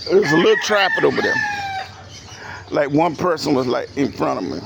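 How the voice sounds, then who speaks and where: A man telling a story in a casual, profane, animated way for his vlog. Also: on the high side, a little fast, gravelly, pauses often. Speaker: vlogger. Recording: noisy outdoor recording. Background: roosters and chickens.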